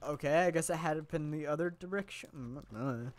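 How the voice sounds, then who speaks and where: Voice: medium pitch, a little fast. A gameplay commentator chatting casually and playfully to viewers, rambling, giggling often and joking about themself.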